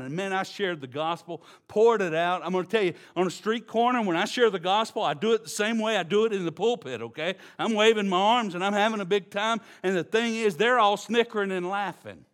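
A Texan pastor preaching from the pulpit, his voice pitched a little high for a man. He moves between quiet, slow stresses on key words and animated, louder stretches of story. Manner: swings from hushed, slow emphasis to loud, excited storytelling. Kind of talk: sermon.

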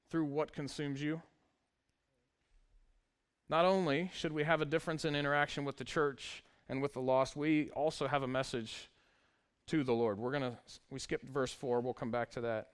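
A man's voice: fairly high pitch, steady tone, moderate pace, pauses often, clear, resonant tone. A male pastor preaching a sermon, reading scripture aloud with wry, conversational asides to the congregation.

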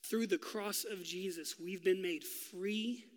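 A male pastor preaching a sermon, telling a story with drama and dropping to a hush for key lines. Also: sits high, steady tone, takes it slowly, big-room sound. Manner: dramatic storytelling, swinging from loud to hushed.

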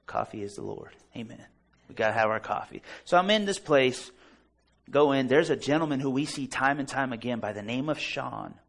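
A man's voice: medium pitch, animated, brisk, creaky. A man preaching a sermon, delivering it fervently and emphatically with personal stories. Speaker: pastor.

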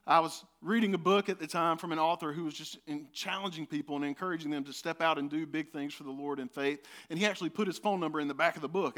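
A man's voice: sits high, fairly bright tone. A man preaching a conversational sermon, telling a personal story and laughing now and then. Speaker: pastor.

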